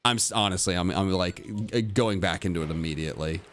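A man's voice: deep voice, quick pace, fairly bright tone, slight background noise. A young man livestreaming a game, switching between a hyped, goofy streamer voice and glum, self-mocking mutters to his chat. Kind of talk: casual livestream commentary.

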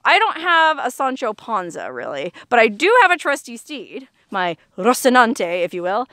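A woman's voice: a little high, a bit bright, no echo. Chatty woman vlogging outdoors. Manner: chatty and earnest, laughing often, folksy exclamations. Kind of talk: casual outdoor vlog monologue. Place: outdoors in the desert near Las Vegas.

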